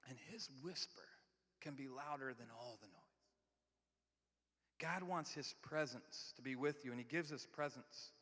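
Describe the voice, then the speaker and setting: A man preaching a sermon in a large church. He talks conversationally and swings from loud, emphatic lines to hushed, near-whispered ones. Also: mid-range voice, unhurried, long pauses. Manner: conversational, repeats and restarts words. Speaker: pastor. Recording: long hall reverb.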